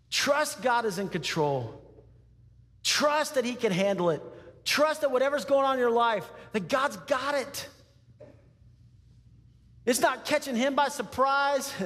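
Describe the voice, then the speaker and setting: This pastor's sermon is delivered in a high-set male voice with a slightly bright quality. He narrates vividly, slipping into character voices for those he quotes and laughing a lot, all within a long, hall-like reverb.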